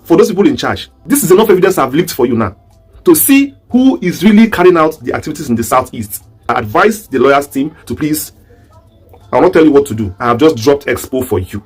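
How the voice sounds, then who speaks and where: Emphatic Nigerian man, lively high voice. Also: fairly quick, husky, soft background music. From southeast Nigeria. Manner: rhetorical, emphatic, asks repeated questions. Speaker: online commentator. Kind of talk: commentary video.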